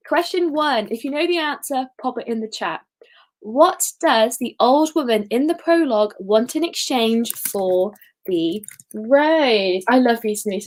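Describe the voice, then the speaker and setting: Chatty high-voiced woman hosting a quiz. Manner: chatty and giggly, sings snippets. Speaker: quiz host. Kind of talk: casual live-stream quiz.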